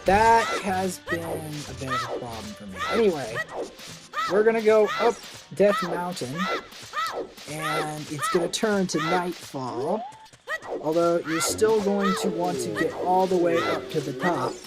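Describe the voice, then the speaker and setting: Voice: medium pitch, very animated, a little slow. Tired, rambling game walkthrough narrator. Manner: rambling and offhand, drifting between tips and asides. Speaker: gameplay narrator. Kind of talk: casual game walkthrough commentary. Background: game music.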